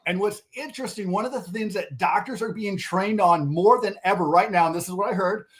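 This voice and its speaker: High, lively man coaching sales. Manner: animated, quick restarts, acts out customer dialogue. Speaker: mattress sales trainer, guest. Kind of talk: energetic sales coaching talk. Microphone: video call.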